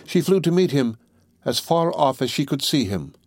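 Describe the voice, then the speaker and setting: A man's voice: medium pitch, dry recording. Man narrating a classic novel. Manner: measured, steady storytelling. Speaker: audiobook narrator. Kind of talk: scripted narration.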